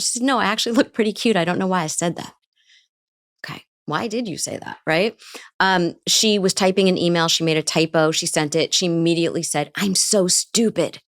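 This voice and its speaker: In an interview conversation, a woman therapist appears as a guest, explaining ideas and frequently posing rhetorical questions. Her voice is fairly low in pitch, captured with clean studio sound and no echo.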